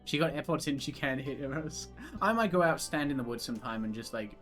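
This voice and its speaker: A young male streamer reads a visual novel aloud and rambles to his chat between lines, giggly and loose with his swearing. His voice sits in an ordinary middle pitch, with faint game music running underneath. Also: lively intonation, a little fast, fairly bright tone.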